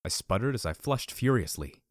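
A man reading first-person fiction aloud as an audiobook narrator, in an even, measured way. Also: lowish voice, no echo, clean studio sound.

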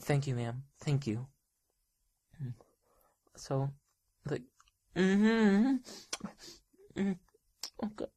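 A woman's voice: low voice, very animated, extremely slow, pauses often, mellow. A young woman in a solo audio role-play, speaking in a hesitant, stammering, pleading way and often dropping to a whisper.

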